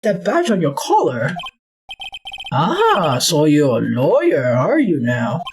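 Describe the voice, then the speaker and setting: A woman voicing a pompous, evasive older male lawyer, reading game dialogue with theatrical, drawn-out delivery. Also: wildly swooping pitch, faint music behind, heavily acted. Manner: theatrical, drawn-out, swooping pitch. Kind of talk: game dialogue read aloud.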